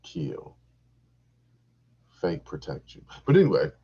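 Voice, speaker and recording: This podcast host speaks slowly in an extremely low, husky voice. His comic story is crude and profane, delivered in an animated way with repetition for laughs, and the recording sounds dull and lo-fi.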